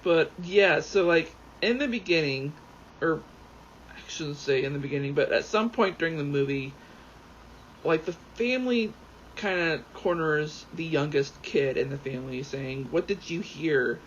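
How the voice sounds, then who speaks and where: Rambling, excitable man with a higher voice. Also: moderate pace. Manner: rambling, excitable, swears freely. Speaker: gaming YouTuber. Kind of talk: casual commentary while playing. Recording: dull lo-fi sound with faint background noise.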